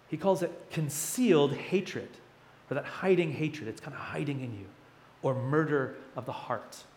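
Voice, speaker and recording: A man's voice: medium pitch, a little hiss or hum. A man in his thirties preaching a sermon as a pastor, conversational and chatty, with playful asides.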